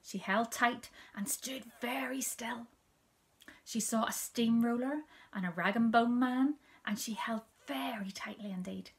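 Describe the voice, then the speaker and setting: A woman reading a children's story aloud, soft and gentle, often dropping to a whisper. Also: a little high, unhurried.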